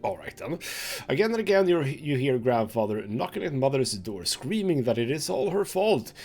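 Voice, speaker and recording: A man playing a narrative game, reading its story text aloud and thinking out loud about his choices, with mild swearing. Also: mid-range voice, big pitch swings, moderate pace. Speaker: gaming channel host.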